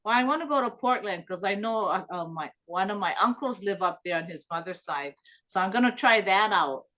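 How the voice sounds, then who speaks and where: A woman's voice: medium pitch, fairly quick. A middle-aged woman from Hawaii with a light pidgin-tinged accent, casually telling family stories and laughing often. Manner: laughs often, animated when quoting family. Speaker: interviewee. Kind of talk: casual storytelling.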